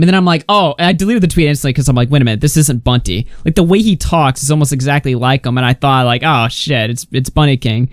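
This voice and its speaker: A man hosting a casual podcast, telling a story with lively energy and mocking other people's posts. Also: fairly high pitch, fast, no echo, clean studio sound. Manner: animated storytelling, mocking others' tweets in put-on voices. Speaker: podcast host.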